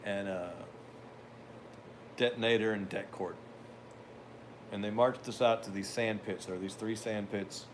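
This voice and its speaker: Low-voiced older man spinning a rambling yarn. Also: fairly even intonation, a little slow, long pauses, slight background noise. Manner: rambling anecdotal delivery with wry asides. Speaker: podcast host. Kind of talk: casual storytelling.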